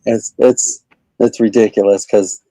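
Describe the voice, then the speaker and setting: Comedian guy chatting away on an interview, mellow warm voice, dry sound. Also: on the low side, steady tone, measured pace, no echo, poor audio. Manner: rambling, chatty, lots of fillers. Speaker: comedian guest. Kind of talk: casual interview chat.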